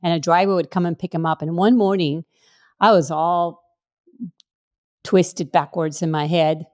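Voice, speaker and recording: A middle-aged woman from Puerto Rico co-hosting a casual faith podcast, an animated storyteller who acts out the people she quotes with big leaps in pitch. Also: measured pace. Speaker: co-host.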